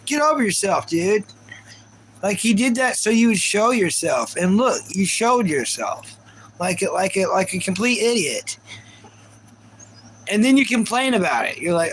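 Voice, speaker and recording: A man hosts a casual live stream, chatting loosely and rambling through plenty of filler words. His speaking voice sits fairly high for a man. Faint background noise hums under the talk. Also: big pitch swings, unhurried, fairly bright tone, rough recording.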